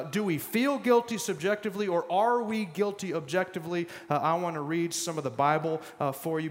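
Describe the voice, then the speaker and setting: Chatty man preaching in an echoing hall. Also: a little high. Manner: conversational, self-deprecating, with many fillers. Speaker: pastor. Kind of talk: sermon. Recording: long hall reverb.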